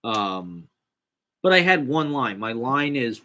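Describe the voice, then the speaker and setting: A man's voice: medium pitch, lively intonation, unhurried, sharp tone. A young man telling a casual, rambling, profane, self-deprecating story about a small acting job. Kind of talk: casual monologue.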